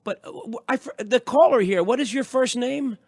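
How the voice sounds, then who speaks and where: A man's voice: very high voice, normal speed, a little mellow, breathy edge, dry recording, studio quality. A man co-hosting a call-in radio show, telling stories and quizzing the caller with enthusiasm. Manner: storytelling, enthusiastic, asks questions. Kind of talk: casual radio chat.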